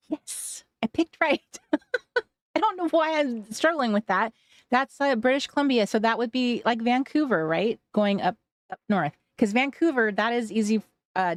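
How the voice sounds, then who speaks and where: A medium-pitched woman's voice, recorded with no room sound, belongs to a Washington State host of a casual craft livestream. She chats with viewers and reads their comments, laughing often and drifting off mid-sentence.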